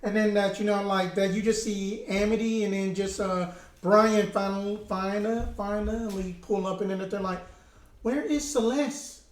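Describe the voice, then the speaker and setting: Rambling game keeper in an echoey room. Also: male voice, sits high, flat delivery, normal speed. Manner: rambling, filler-heavy narration. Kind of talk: narrating a tabletop horror game.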